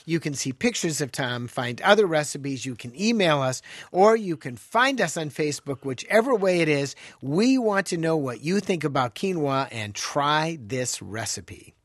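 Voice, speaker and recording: A man's voice: fairly high pitch, lively intonation, moderate pace, few pauses, a bit bright, no echo, studio quality. A man hosting a radio health show, talking through a recipe and answering callers in a folksy way. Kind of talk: radio talk show chat.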